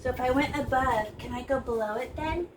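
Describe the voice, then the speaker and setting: A woman with a slightly high voice leads a casual painting lesson, chatty and playful as she talks through each stroke. Noise hums steadily behind her, with vehicles passing now and then. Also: fairly quick, distant mic. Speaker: painting teacher.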